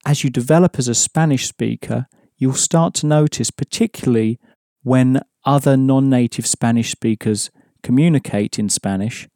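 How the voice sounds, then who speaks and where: Male language teacher, mellow, dry studio sound, patient and methodical. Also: mid-range voice, dry recording. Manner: measured, explanatory, repeats key points. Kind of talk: scripted lesson narration.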